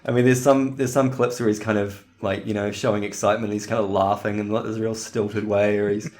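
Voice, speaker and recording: A man's voice: on the low side, level tone, brisk, a little mellow. A man co-hosting a podcast in casual chat, rambling and laughing often. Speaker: podcast co-host.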